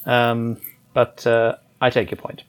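A man's voice: medium pitch, completely flat delivery, slow pace, clear, resonant tone. A man chatting casually on a podcast as a film critic, articulate and dryly scathing in his reviews.

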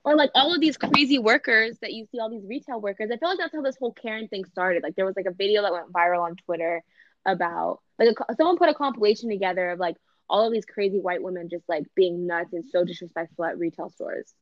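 Blunt, animated woman chatting casually. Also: medium pitch, fast talker, no room sound. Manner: blunt, animated, swearing, acts out quotes. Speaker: podcast co-host. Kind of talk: casual chat. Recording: dull lo-fi sound.

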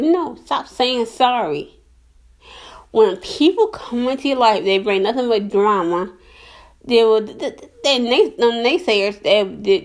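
A woman hosting her own podcast, talking earnestly and repetitively about faith and cutting out negative people. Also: on the high side. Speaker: podcast host. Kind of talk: casual faith-based podcast monologue.

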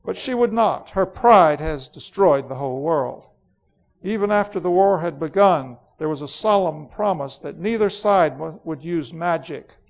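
A man's voice: fairly high pitch, expressive, unhurried. A man voicing a cold, ruthless queen in a dramatic storybook reading, in an imperious, declamatory manner. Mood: bitter, imperious. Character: proud, cold, ruthless ancient woman queen.

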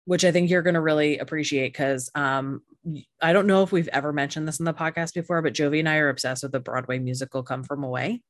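A woman's voice: sits low, fairly even intonation, fast, no room sound, studio quality. A woman co-hosting a podcast, chatting casually with lots of fillers and casual swearing, recorded over a video call. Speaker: podcast co-host. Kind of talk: casual chat.

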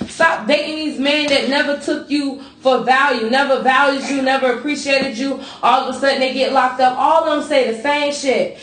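A woman's voice: sits high, fairly even intonation, moderate pace, few pauses, fairly bright tone, reverberant, recorded from a distance. A woman co-hosting a casual podcast chat, talking in a blunt, profane, fired-up way. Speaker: podcast co-host.

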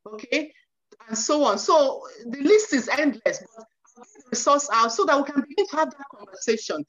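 Earnest woman in her 40s coaching parents, high voice, kinda muffled recording. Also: expressive, fairly quick, fairly bright tone. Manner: earnest, repeats "you know", acts out quotes. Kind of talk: advice talk to parents.

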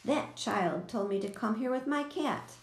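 A woman's voice: on the high side, expressive, a little slow. A woman reading aloud, voicing a stubborn, unreasonable adult woman. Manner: stubborn, curt. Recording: echoey room.

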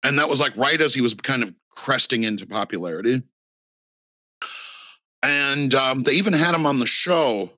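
A man's voice: mid-range voice, animated, normal speed, pauses often, sharp tone, no room sound. A man talking in a casual podcast chat, rambling and profane with lots of fillers.

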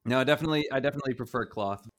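A man's voice: medium pitch, rapid-fire. A middle-aged man co-hosting a casual gaming chat show, rambling and hedging with frequent chuckles. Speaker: podcast co-host.

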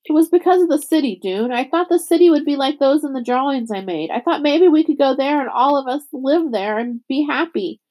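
A woman reading the part of a spirited young teen girl, lifting her voice higher and louder for the girl's lines. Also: fairly quick, few pauses, lightly acted. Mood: eager.

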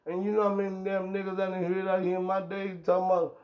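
A middle-aged man rants on a podcast, heated and profane, his talk rambling from point to point. His voice sits high for a man. The recording is dull and lo-fi. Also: completely flat delivery, quick pace. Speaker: podcast host. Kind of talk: profane ranting commentary. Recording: dull lo-fi sound.

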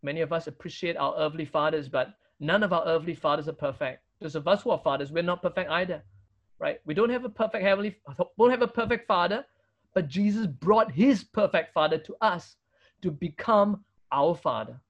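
High-voiced Singaporean pastor preaching emphatically. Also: male voice, brisk, muffled recording. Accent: Singaporean English. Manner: emphatic preaching, rhetorical questions with tag "right?". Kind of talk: sermon.

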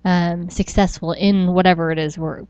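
A woman's voice: lowish voice, fairly even intonation, moderate pace, a little mellow, clear, resonant tone, muffled recording. A woman co-hosting a podcast in casual chat, rambling and restarting her sentences with frequent small laughs. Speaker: podcast co-host.

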